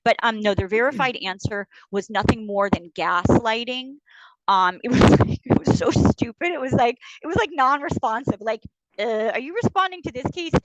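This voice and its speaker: A woman's voice: on the high side, moderate pace, hardly any pauses, no room sound, muffled recording. Blunt indignant woman, dry sound. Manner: blunt, indignant, full of fillers. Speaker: podcast guest, paralegal. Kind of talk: casual interview talk.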